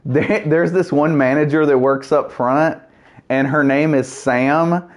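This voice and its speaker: A man's voice: fairly high pitch, steady tone, unhurried. A man giving casual, rambling gameplay commentary, joking and laughing at his own jokes. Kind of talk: casual let's-play chat.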